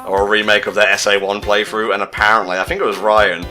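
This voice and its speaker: A man's voice: on the low side, flat delivery, fast, sharp tone, soft background music. A man giving casual, sarcastic gaming commentary while playing with friends, swearing freely. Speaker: let's play commentator.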